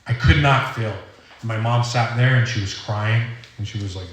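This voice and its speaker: A young man with a Rhode Island accent giving an earnest, rambling personal testimony at a recovery meeting, halting often with fillers. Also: fairly low pitch, steady tone, recorded from a distance, slight background noise. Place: meeting hall. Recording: roomy hall audio from off-mic.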